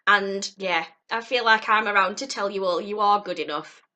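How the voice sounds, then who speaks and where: A woman's voice: medium pitch, moderate pace, sharp tone, muffled recording. A young woman talking earnestly to camera in a heartfelt, rambling vlog from home. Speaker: vlogger. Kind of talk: encouraging vlog talk to camera.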